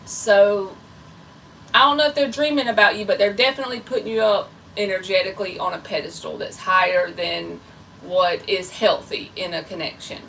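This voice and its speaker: A woman's voice: mid-range voice, steady tone, normal speed, gravelly, fairly bright tone, distant mic, rough recording. Woman, tarot reader, playful, chatty, a little off-mic, faint background hiss. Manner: chatty and playful, self-described goofy. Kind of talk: live tarot reading.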